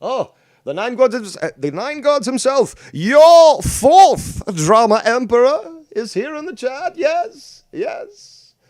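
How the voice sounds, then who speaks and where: A man voicing a pompous, arrogant male emperor in a haughty, drawn-out manner. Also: very high voice, big pitch swings, a little mellow, no echo, studio quality, voice pushed up, exaggerated voice. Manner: haughty, drawn-out, grandiose delivery.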